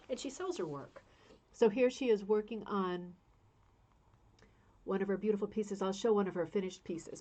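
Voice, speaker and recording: A woman's voice: medium pitch, darkish tone. A woman hosting a casual craft-club video, talking through a book in a chatty, heartfelt way with many restarts. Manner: chatty, emotional, restarts often. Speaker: rug hooking club host.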